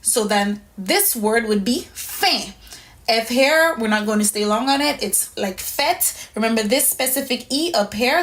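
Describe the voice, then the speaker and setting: A woman's voice: a little high, animated, unhurried, fairly bright tone. A woman teaching a language lesson, patiently explaining pronunciation step by step. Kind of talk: instructional lesson.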